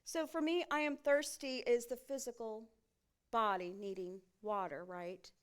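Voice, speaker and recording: High, smooth-voiced woman preaching a sermon. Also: fairly even intonation, measured pace. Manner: keeps checking in with the congregation with rhetorical questions. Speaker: pastor. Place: church sanctuary.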